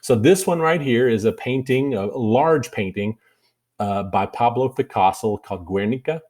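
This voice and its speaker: A man's voice: medium pitch, normal speed, darkish tone. A man with a Kentucky drawl giving a casual art lesson over slides, rambling with many fillers and restarts. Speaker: art teacher.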